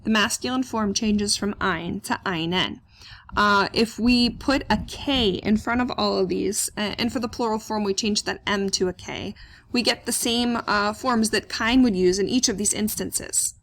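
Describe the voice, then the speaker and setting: A woman's voice: medium pitch, normal speed, a bit bright. Lady teacher walking through german grammar, lots of uh's, asks then answers herself. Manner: explains step by step, asks questions aloud and answers them, many "uh" fillers. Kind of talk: classroom grammar lecture.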